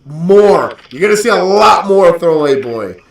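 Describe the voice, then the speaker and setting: A man hosting a trading show, joking and teasing in a lively, animated way, repeating himself as he talks. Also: high voice, normal speed, gravelly, echoey room, recorded from a distance. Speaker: host of a stock trading show. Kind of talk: casual joking livestream banter.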